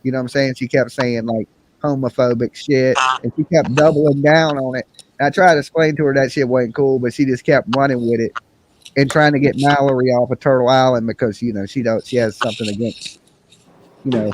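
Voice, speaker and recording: A man hosting a casual livestream chat, slangy and animated, mimicking other people's voices as he talks. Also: mid-range voice. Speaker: livestream host. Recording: faint background noise.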